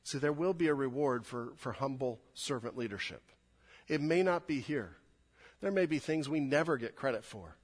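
A male pastor giving a sermon in a church, earnest and conversational, often repeating words for emphasis. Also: medium pitch. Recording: long hall reverb.

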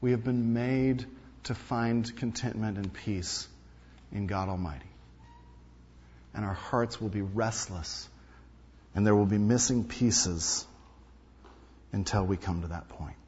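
A male pastor preaching a sermon, emphatic, repeating key lines and swinging between loud and hushed delivery. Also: on the low side, slow, long pauses, a little hiss or hum. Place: large hall or sanctuary. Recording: dull sound with long hall reverb.

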